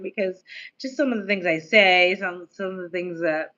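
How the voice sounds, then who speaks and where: A woman's voice: lowish voice, a little fast, pushed and bright, lo-fi sound. An American woman streaming casually, chatting in a rambling way with lots of fillers, her accent slightly tinged by years in Australia. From United States. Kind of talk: casual live-stream chat.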